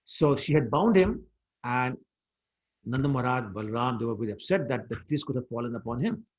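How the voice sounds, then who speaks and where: Husky male teacher, lively storytelling, mid-range voice, fields student questions. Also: medium pitch, brisk, dull audio. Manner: animated storytelling, mixing in Hindi words. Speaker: scripture class teacher. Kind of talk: storytelling scripture lesson.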